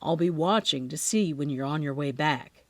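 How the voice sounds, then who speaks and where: A calm, concerned grown man speaks low and steady, patient with a touch of exasperation, as a woman narrator puts him on. The voice drops well below her own and sounds close and dry, as in an audiobook studio. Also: normal speed, no echo, close to an everyday voice. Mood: reassuring.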